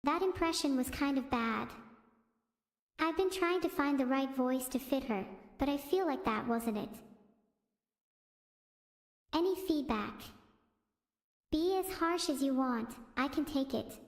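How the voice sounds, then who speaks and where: A woman's voice: high voice, unhurried, long pauses. A woman's synthetic text-to-speech voice hosting a stream, chatting casually and rambling, easily sidetracked. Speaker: streamer host. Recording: echoey room with long reverb.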